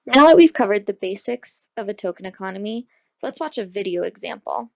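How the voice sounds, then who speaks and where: Gravelly woman narrating a course. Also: medium pitch, expressive. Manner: measured, explanatory. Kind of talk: scripted narration. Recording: dull, lo-fi voice-over.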